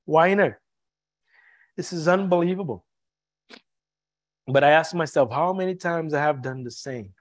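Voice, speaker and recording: High-voiced earnest male preacher. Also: unhurried, long pauses, no echo. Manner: earnest, repeats words when searching for them. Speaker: pastor. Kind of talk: sermon.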